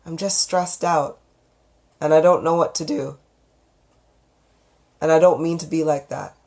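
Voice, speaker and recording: A man's voice: on the high side, steady tone, measured pace, darkish tone. A woman doing a tired, stressed boyfriend. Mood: apologetic.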